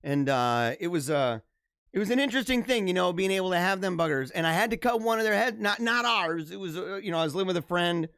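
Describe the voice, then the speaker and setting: A man hosting a live stream, chatting casually in a rambling, energetic way and laughing often. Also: high voice, fast, smooth, dry recording, clean studio sound. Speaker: livestream host.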